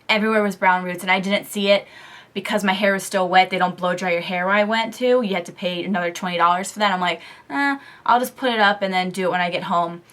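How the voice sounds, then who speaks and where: A young woman casually telling a story in a beauty vlog, chatty and animated, full of "like" and "um", talking straight into a camera mic. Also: medium pitch. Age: young adult. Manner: chatty, lots of "like" and "um"; animated storytelling, quoting others. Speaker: beauty vlogger.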